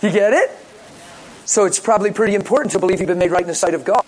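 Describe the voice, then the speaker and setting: A male pastor preaching with lively stories, joking and acting out the callers he talks about. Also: high voice, rapid-fire, poor audio. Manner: lively, jokey, acts out callers in voices. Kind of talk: sermon with storytelling.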